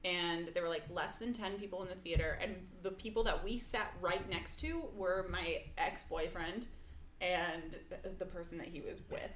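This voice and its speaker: A woman's voice: lowish voice, moderate pace, a little hiss or hum. A woman co-hosting a casual podcast, chatting and telling a story, laughing often and slipping into impressions. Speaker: podcast co-host. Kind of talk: casual chat. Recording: quiet amateur recording, roomy.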